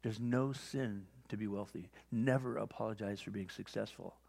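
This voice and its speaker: A man preaching a sermon as pastor, telling stories and acting out both sides of conversations with lively energy. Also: on the low side, normal speed, gravelly. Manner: animated storytelling, acting out conversations. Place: church sanctuary. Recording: long hall reverb.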